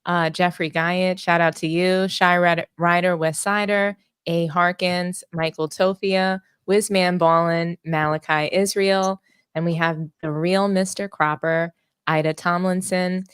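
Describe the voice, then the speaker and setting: A woman co-hosting a casual sports podcast, cheerfully reading out member shout-outs. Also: lowish voice, fairly even intonation, measured pace, smooth, dry recording, clean studio sound. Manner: cheerful, upbeat listing of names. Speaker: podcast co-host.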